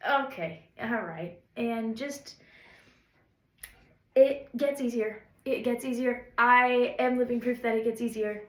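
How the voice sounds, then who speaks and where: A fairly high-voiced woman chats to the camera about making things, rambling and encouraging with some self-deprecating asides. Her voice rings around a roomy, echoey space. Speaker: songwriter vlogger. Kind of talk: casual reflective talk to camera.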